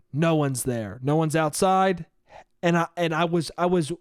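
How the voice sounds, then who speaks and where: A young man hosting his own podcast, telling a personal story in an animated casual monologue full of swearing and acted-out thoughts. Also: on the high side, smooth, no echo, studio quality. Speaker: podcast host.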